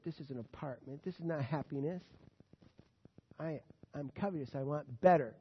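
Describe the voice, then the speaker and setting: A man preaching a sermon, dropping to quiet asides and rising to loud, emphatic readings of scripture. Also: a little high, moderate pace, slightly rough. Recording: dull sound in a reverberant hall.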